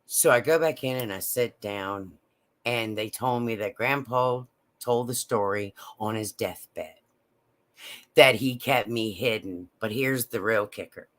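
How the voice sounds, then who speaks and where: A woman telling a personal story in a slow, halting, emotional way. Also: rumbling low. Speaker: vlogger.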